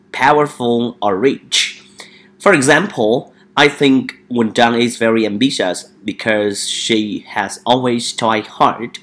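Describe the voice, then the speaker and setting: A man teaching an English vocabulary lesson. He often hesitates and repeats each word for the listener to drill. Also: lowish voice.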